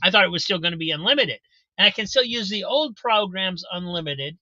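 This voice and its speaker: A man's voice: high-pitched, expressive, fairly quick, sharp tone, no echo, lo-fi sound. A man on a video call explaining things at length in a rambling way, repeating words as he goes. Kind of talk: casual chat on a video call.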